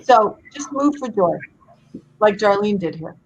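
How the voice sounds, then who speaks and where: A woman guest on a webinar, telling stories in a bubbly, animated way over a video call. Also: medium pitch, a little slow, muffled recording, a little hiss or hum. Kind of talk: casual storytelling chat.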